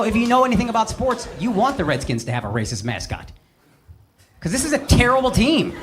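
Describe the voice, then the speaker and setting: A man's voice: very high-pitched, very noisy. A man in his thirties doing a stand-up set, brash and punchy, swearing freely and slipping into acted-out voices. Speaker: stand-up comedian. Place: comedy club stage before a laughing audience. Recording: live show with loud crowd laughter. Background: loud audience laughter and cheering.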